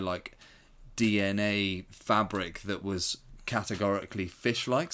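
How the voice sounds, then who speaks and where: Deep voiced podcast guy, dry jokes and teasing, relaxed chat. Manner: dry joking asides, teasing. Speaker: podcast co-host. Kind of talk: casual chat.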